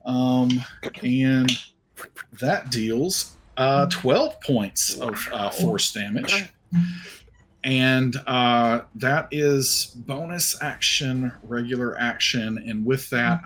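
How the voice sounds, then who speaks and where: Slow, hesitant man playing a tabletop game. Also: medium pitch, a bit bright. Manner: hesitant, many ums and uhs. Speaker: player.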